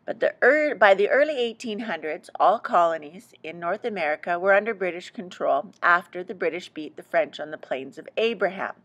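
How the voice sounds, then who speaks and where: A woman's voice: fairly low pitch, expressive, normal speed, few pauses, dull audio. A woman teacher narrating a history lesson for kids, playful and teasing, with exaggerated asides to her students.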